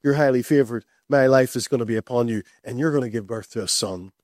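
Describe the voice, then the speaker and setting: A man voicing a gentle male angel who speaks slowly and reassuringly. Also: no echo, studio quality, natural voice. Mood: solemn. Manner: slow, deep, reassuring.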